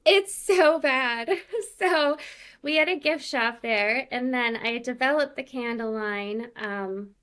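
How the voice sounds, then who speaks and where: A woman's voice: a little high, slow, a bit bright. A woman in her forties with a Minnesota accent, chatting as an interview guest in a self-deprecating way with many fillers. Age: 40s. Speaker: guest, candle maker. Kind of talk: casual interview.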